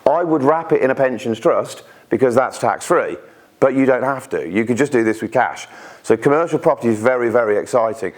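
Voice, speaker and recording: A British man talks to a room of investors in a loose, chatty way, tossing in asides and little acted-out quotes. His voice sits at a middling pitch for a man. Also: lively intonation, brisk. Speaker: speaker at an investor networking event. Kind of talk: informal presentation with anecdotes.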